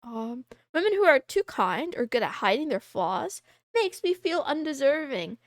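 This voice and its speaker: A young woman VTuber chatting casually with her live chat, playful and quick to laugh. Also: high-pitched, big pitch swings, dry recording, clean studio sound. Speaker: VTuber streamer.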